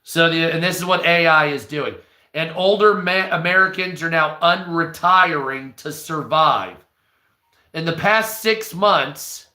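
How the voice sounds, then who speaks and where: A man's voice: on the high side, pushed and bright. A man hosting a casual livestream news commentary, blunt and opinionated, with frequent ums. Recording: roomy echo.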